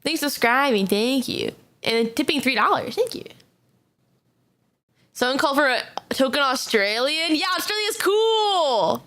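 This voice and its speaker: A young woman on a live stream, talking in a high, bright voice that leaps all over the place. She is excitable, laughs often and swears casually while reacting to clips. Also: unhurried. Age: young adult.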